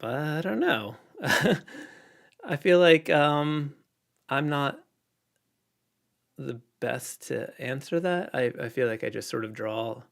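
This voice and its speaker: A man chatting casually on a livestream, reading out viewer questions and answering in a relaxed, rambling way with lots of fillers. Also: medium pitch, slow pace, creaky, long pauses. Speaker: illustrator livestreaming.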